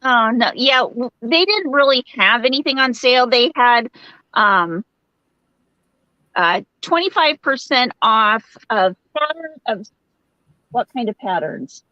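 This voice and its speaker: A woman's voice: fairly high pitch, expressive, takes it slowly, pushed and bright, no echo. A woman co-hosting a casual crochet livestream over a video call, chatty and giggly, often trailing off mid-sentence. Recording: dull lo-fi video call audio.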